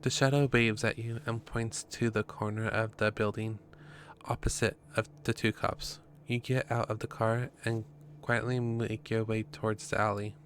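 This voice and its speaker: A man's voice: fairly low pitch, flat delivery, normal speed, a little hiss or hum. A man reading a story game's text aloud in a casual way, with his own asides between passages. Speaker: game player narrating.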